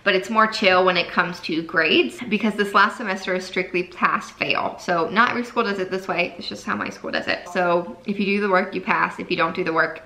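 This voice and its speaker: A woman's voice: fairly low pitch, brisk, few pauses, sharp tone, poor audio. A woman in her twenties, a nursing student vlogging to camera in a chatty, casual way, full of "like" fillers, at times holding back tears. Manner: chatty, lots of fillers like "like" and "freaking". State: tearful, holding back crying.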